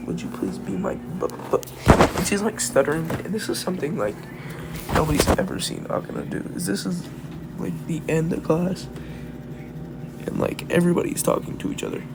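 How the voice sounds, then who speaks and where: A man's voice: on the high side, very animated, fairly quick, creaky, long pauses, very noisy. A young man casually retelling a fan-fiction story, rambling, filling with "like" and correcting himself. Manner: rambling, full of "like", self-correcting.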